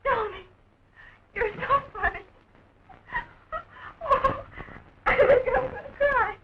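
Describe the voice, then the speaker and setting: An actress playing a young woman held in jail, soft and tremulous, with a dull 1920s film sound. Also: fairly high pitch, normal speed, very noisy, lightly acted. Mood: tender. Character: young jailed woman, tender and tearful.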